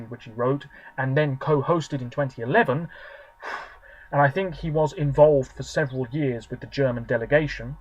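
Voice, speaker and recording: A man's voice: mid-range voice, low-quality recording. A man in his twenties, rambling chattily with lots of fillers as he reviews something on camera. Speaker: video reviewer. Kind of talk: casual solo review monologue.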